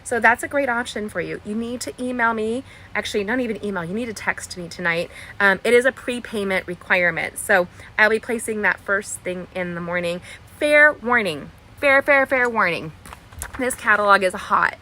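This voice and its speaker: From a cluttered crafting desk, a woman leads a live online card-making class, bubbly and chatty, drifting into stories and greeting viewers by name. Her voice sits at medium pitch with a bright, forceful tone, and she talks briskly with few pauses.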